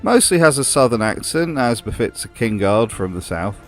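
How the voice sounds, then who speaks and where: A man hosts a comedic commentary video, mid-pitched and sardonic, delivering mocking asides in a dry tone. Faint music plays beneath his voice. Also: animated, moderate pace. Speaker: host.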